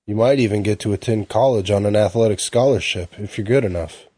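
A pushy, falsely friendly salesman, voiced by a man reading a story. The voice sits low with a slightly husky edge, and it is coaxing and relentless. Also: fairly quick, warm tone, no room sound. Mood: persuasive. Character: smooth pushy adult male salesman.

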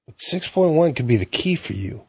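A man's voice: a little high, big pitch swings, fairly quick, mellow, slightly rough, no room sound, pitched above the performer's own voice, heavily acted. A man voicing a falsely friendly, persuasive adult male salesman in a storybook reading.

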